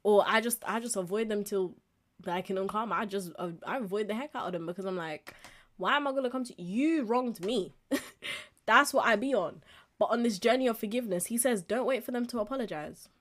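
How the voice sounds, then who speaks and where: A woman in her twenties hosting a casual solo podcast, telling stories with animated, acted-out reactions and frequent laughs. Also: medium pitch, fairly quick. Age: 20s. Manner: animated storytelling, acts out reactions, laughs often. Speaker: podcast host.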